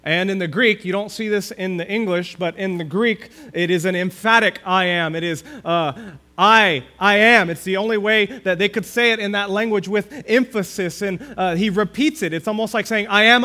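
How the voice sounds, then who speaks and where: A man with a notably high voice delivers a sermon as a pastor. He reads scripture slowly and deliberately, stressing key words before dropping to a hush. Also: steady tone. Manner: preaching with strong emphasis, dropping to a hush on key phrases.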